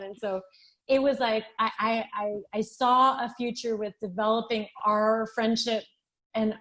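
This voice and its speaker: A woman in her thirties, a physician assistant, telling her story as a podcast guest, animated and at times tearful. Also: fairly high pitch, a little slow, poor audio. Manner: animated storytelling, acting out dialogue. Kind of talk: podcast interview, personal testimony.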